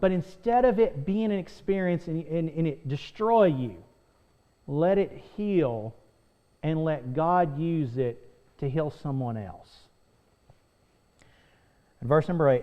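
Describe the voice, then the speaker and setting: High-voiced earnest male preacher. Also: expressive, a little slow, pauses often, highs cut off. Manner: earnest, reads scripture aloud, repeats phrases for emphasis. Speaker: pastor teaching Sunday School. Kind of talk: preaching Bible lesson.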